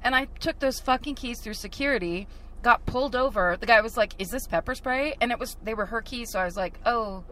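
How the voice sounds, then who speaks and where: A woman's voice: fairly high pitch, brisk, a bit bright, poor audio. Woman co-host telling a car-ride anecdote. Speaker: podcast co-host. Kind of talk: casual podcast chat. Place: inside a car.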